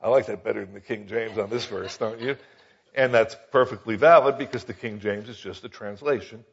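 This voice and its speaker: A man's voice: lowish voice, brisk, husky, lo-fi sound. A man teaching the Bible in a folksy, conversational sermon, often tossing rhetorical questions at his listeners.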